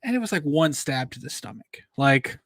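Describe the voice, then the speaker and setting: A man's voice: a little high, sing-song, normal speed, a bit bright, dry recording, clean studio sound. A man co-hosting a fan-film review show, talking candidly in a casual chat full of fillers. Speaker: co-host reviewing fan films.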